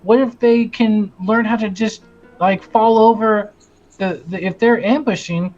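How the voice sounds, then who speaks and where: A scared townswoman fires off rushed, worried questions, as a man puts her on. The recording is slightly dull, with faint music behind her. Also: medium pitch, fairly even intonation, darkish tone, voice pushed up, natural voice. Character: frightened townswoman.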